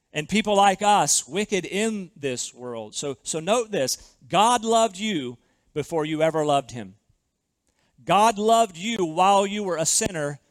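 A man delivering a sermon as pastor, his voice sitting notably high for a man. He preaches earnestly and emphatically, circling back on words to stress them. The sound is close and dry. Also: no room sound.

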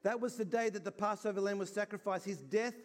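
A man's voice: high-pitched, fast talker. A man preaching an Easter sermon in an earnest, conversational way, acting out little scenes as he goes. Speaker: pastor.

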